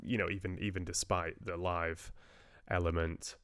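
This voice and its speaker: A man's voice: low voice, little pitch movement, normal speed, fairly bright tone. A male audiobook narrator hosting a live stream, chatting casually with viewers in a rambling, hesitant way and often restarting his sentences.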